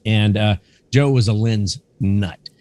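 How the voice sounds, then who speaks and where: A man in middle age tells his stories in a casual, animated way, slipping into the voices of the people in them. His voice sits on the low side. The sound is dry and close, with no room echo. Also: takes it slowly. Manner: lively anecdotes, acting out quoted dialogue, casual swearing. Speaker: guest, camera museum curator. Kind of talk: conversational storytelling.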